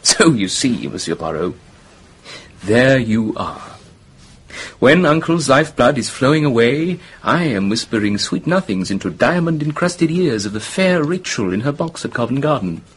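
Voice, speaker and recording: An actor playing a charming, flippant young English gentleman who talks in a breezy, theatrical, mocking way. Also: mid-range voice, sing-song, normal speed, breathy edge. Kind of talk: radio drama acting.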